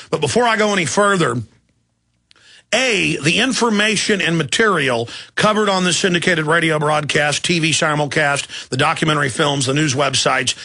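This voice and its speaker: A man's voice: a little high, bright, forceful tone. A man hosting a talk radio show, delivering an emphatic, indignant monologue. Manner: emphatic, rapid-fire, indignant.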